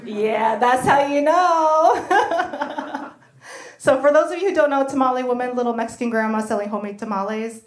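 A woman performs a stand-up set, lively and quick to slip into the voices of people in her stories. Her voice sits high. The sound carries the echo of a live room. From United States. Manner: animated, acts out voices in quoted bits. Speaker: stand-up comedian. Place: comedy venue stage.

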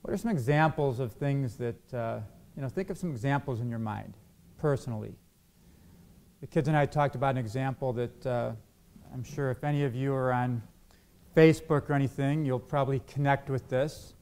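A man's voice: medium pitch, normal speed, darkish tone, slight background noise. A man preaching a sermon to a congregation. He asks his listeners questions and acts out quoted arguments. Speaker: pastor.

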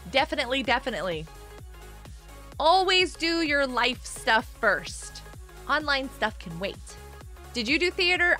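A woman's voice: high voice, pushed and bright. A middle-aged woman hosting a casual gaming live stream from home, bubbly and giggly as she reads viewers' chat aloud. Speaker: livestream host. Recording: faint music behind.

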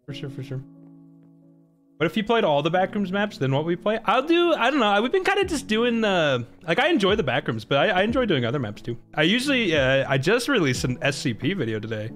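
A man's voice: high voice, wildly swooping pitch, brisk, a bit bright, faint music behind. A young man casually commenting on his own gameplay during a live stream, often laughing and exclaiming to his chat. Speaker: gaming streamer.

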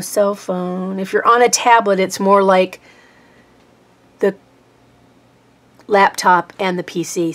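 A rambling, chatty woman talks while she paints, with a Norfolk, Virginia accent. Her voice sits fairly low for a woman, and she sounds a little tired as she pokes fun at herself. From Texas. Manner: rambling, chatty, self-deprecating. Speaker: art vlogger. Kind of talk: casual chat while painting.

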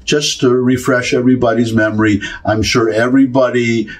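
A political commentary host with a Michigan Midwestern accent rambles through a casual monologue, restarting often, adding asides and repeating points for emphasis. His mid-range voice stays steady at a moderate pace.

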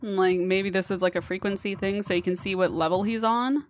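A woman's voice: mid-range voice, fairly even intonation, fairly quick. A woman hosting a let's play, chatting through her gameplay, often laughing and coaxing the game's monster as if it were a pet. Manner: frequent laughter. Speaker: gaming channel host.

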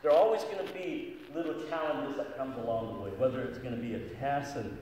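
Jokey middle-aged pastor in an echoey hall. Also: male voice, medium pitch, fast talker. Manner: jokey, animated storyteller. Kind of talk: storytelling talk to children. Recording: echoey hall from far off, background noise.

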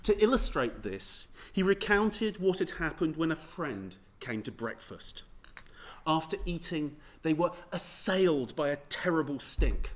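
A man's voice: fairly high pitch, big pitch swings, measured pace. Man reading an academic paper. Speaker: historian giving a seminar paper. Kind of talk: academic lecture read from a script. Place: seminar room.

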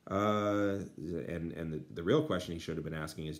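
Man teacher, translating a text aloud, lots of fillers, low voice. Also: fairly even intonation, normal speed, few pauses. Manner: many uh fillers, dry asides. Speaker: Latin teacher.

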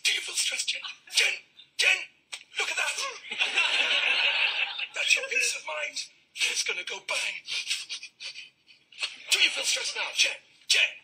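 A shrill shouting sitcom boss. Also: male voice, wildly swooping pitch, measured pace, gravelly, pauses often, exaggerated voice. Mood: taunting. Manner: loud, shouting, teasing. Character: erratic male boss taunting an employee. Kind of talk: sitcom acting.

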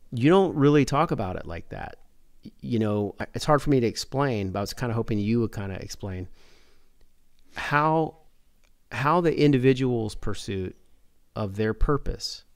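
A man's voice: on the low side, lively intonation, moderate pace, no room sound, studio quality. A man hosting a podcast in a casual, thoughtful way, rambling a little and restarting his sentences. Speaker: podcast host.

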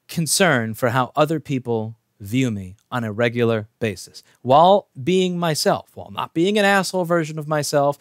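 A man's voice: a little high, no echo, clean studio sound. A man hosting his own channel, telling an anecdote in a casual monologue with wry, rambling restarts. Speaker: channel host.

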